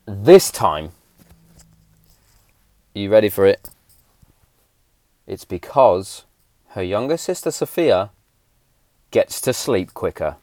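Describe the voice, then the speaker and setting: A man's voice: lowish voice, a little mellow, no echo, clean studio sound. A man, hosting a casual podcast in a blunt, sweary, heated way. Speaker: podcast host.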